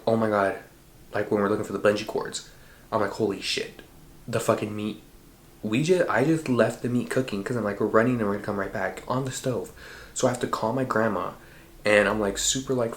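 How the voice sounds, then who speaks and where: A man's voice: lowish voice, echoey room. A man telling a dream story in a casual podcast monologue, swearing freely and acting out the lines of the people in it. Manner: profane, animated retelling with quoted voices. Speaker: podcast host.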